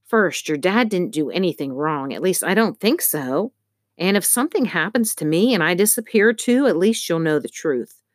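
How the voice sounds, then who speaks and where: A woman's voice: on the low side, animated, moderate pace, no room sound, studio quality, pitched above the performer's own voice. A woman reading a storybook, voicing a nervous male librarian who whispers anxiously and makes bad puns. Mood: earnest.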